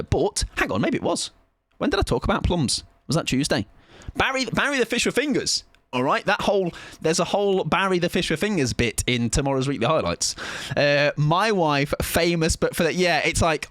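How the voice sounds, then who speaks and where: A man's voice: mid-range voice, a bit bright, no echo. A man chatting casually on a live gaming stream, rambling and laughing often.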